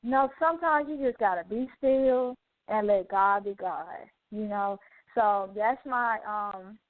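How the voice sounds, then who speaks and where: A woman's voice: mid-range voice, takes it slowly, no echo. A woman radio host earnestly telling listeners an emotional personal testimony, with many fillers. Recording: dry tinny phone-like line.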